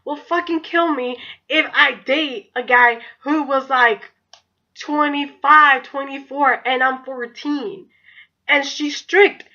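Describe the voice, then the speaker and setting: A woman's voice: high voice, fairly even intonation, slow, bright, forceful tone, muffled recording. A young woman, telling a story in a chatty, profane way, leaning on "like.". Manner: chatty, profane, heavy use of "like". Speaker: vlogger. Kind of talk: casual storytime.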